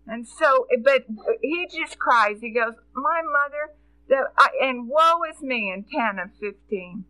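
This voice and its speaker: Bright high-voiced woman preaching a sermon. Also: lively intonation, slow, smooth, no room sound, poor audio. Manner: earnest storytelling, quoting scripture with feeling.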